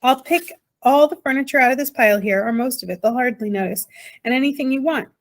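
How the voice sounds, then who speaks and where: A woman's voice: high voice, fast talker. A woman reading aloud, voicing an earnest, eager young boy.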